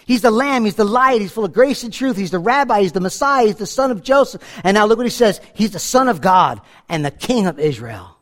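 A man's voice: sits high, sing-song, fairly quick, few pauses, fairly bright tone. A middle-aged man from New York preaching a conversational Bible-teaching sermon, acting out the scripture dialogue. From New York, USA. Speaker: pastor.

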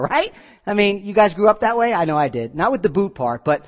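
Animated preacher man in a reverberant hall. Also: high-pitched, fast. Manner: animated preaching, acts out quoted voices. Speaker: pastor. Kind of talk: sermon. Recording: dull lo-fi recording with long hall reverb.

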